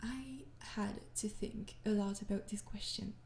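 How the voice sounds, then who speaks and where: A tired young woman answering viewer questions in a casual chat, soft-spoken and hesitant, with many pauses and shy laughs. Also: medium pitch, fairly even intonation, creaky, reverberant, slight background noise.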